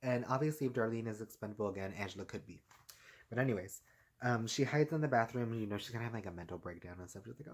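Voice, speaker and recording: Man, low-ish voice, loose chatty recap vlogger, filler-heavy, laughs a lot. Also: fast talker. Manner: rambling, heavy filler "like" and "and stuff like this"; laughs often while talking. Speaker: TV episode recapper. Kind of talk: casual recap vlog.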